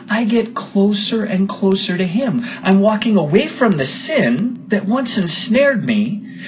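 Animated conversational preacher. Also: mid-range voice. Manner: conversational preaching with rhetorical questions and storytelling. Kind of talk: sermon. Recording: dull lo-fi recording.

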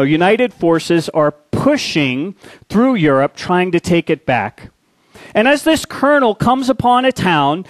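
A male pastor preaching a sermon, telling a war story with dramatic shifts into a quiet, low voice. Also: no echo.

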